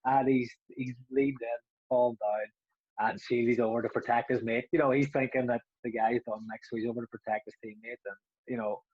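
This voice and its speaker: Brief: ex-footballer, young adult, husky voice, rambling and laughing, dry lo-fi sound. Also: male voice, mid-range voice, steady tone, a little fast, a little mellow, no echo. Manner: rambling, laughs often, restarts. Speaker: former footballer, podcast co-host. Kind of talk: casual storytelling.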